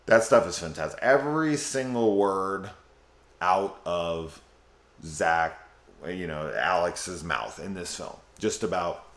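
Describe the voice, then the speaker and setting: Deep-voiced man in an echoey room. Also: slow pace. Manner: rambling, swearing, excited. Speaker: film reviewer. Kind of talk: casual spoiler review.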